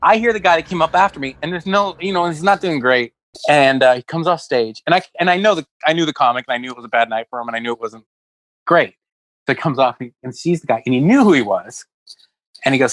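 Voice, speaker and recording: A man's voice: on the high side, quick pace, fairly bright tone, no echo, rough recording. A man who is a comedian, telling rambling stories in a casual podcast chat and acting out quotes. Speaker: comedian guest. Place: West Hollywood.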